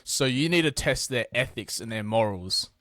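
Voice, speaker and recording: A man's voice: medium pitch, normal speed, dry recording, studio quality. A man, a business owner guest, telling blunt, sweary stories in a casual interview. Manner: blunt, sweary, animated storytelling.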